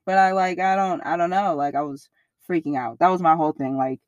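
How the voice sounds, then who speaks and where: A young woman speaking candidly in an interview, in casual slang-heavy talk that turns animated when she quotes others. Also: fairly low pitch, fairly quick, no echo.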